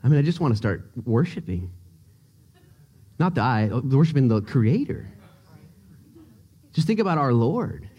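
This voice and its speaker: A male pastor preaching a sermon in a church, joking and excitable as he tells stories. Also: medium pitch, measured pace, long pauses, slightly rough, highs cut off. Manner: animated, joking, excitable storyteller. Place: church sanctuary.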